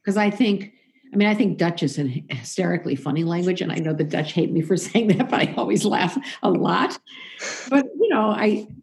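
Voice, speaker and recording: A woman's voice: lowish voice, expressive, brisk, vocal fry, a little mellow. A woman talking casually as an interview guest, chatty and opinionated, often restarting and correcting herself. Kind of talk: casual conversation.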